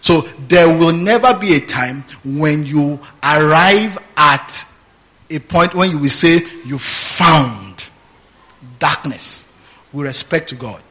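A man preaching a sermon, reading verses aloud and stopping to ask his listeners what comes next. His voice sits somewhat high for a man, and he takes his time over every phrase. He laughs often and asks rhetorical questions. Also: animated, slow, bright, forceful tone, low-quality recording. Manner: reads scripture aloud and prompts the congregation with "what?". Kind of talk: sermon, Bible teaching.

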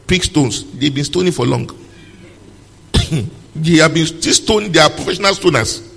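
Husky male preacher in a reverberant hall. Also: a little high, animated, normal speed, fairly bright tone. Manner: preaches with rhetorical questions to the congregation. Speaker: pastor. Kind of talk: sermon with scripture reading.

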